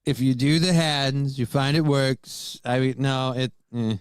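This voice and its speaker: A man's voice: mid-range voice, steady tone, measured pace, smooth, no room sound, studio quality. A man co-hosting a casual morning talk show, self-deprecating and reluctant, cursing freely.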